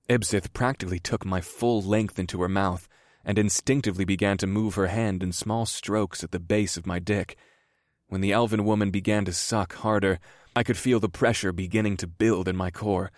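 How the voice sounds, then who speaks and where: A man narrating a first-person audiobook in a slow, measured reading. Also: sits low, steady tone, dry recording, studio quality.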